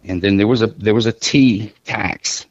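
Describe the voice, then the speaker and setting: A man's voice: lowish voice, normal speed, lo-fi sound, a crowd in the background. A middle-aged man chatting casually as a podcast guest, rambling and joking through his stories with many restarts. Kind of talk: casual chat.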